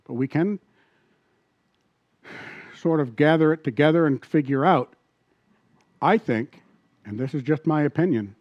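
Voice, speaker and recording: A man preaching a sermon as pastor, animated and asking the congregation questions. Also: fairly high pitch, measured pace, pauses often, dry recording, lo-fi sound.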